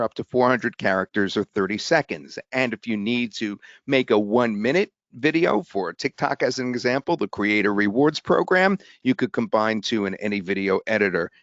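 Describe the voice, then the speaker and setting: A man hosting a live sales webinar, talking in an excitable, rambling way with restarts. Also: fairly low pitch, dry recording. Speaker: webinar host. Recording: dull webinar audio.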